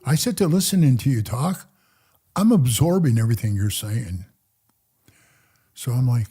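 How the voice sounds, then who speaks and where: A middle-aged man telling prison stories as a podcast guest, blunt and profane, often dropping to low mutters as he recounts conversations. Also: sing-song, normal speed, dark tone, slightly rough. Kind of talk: casual storytelling interview.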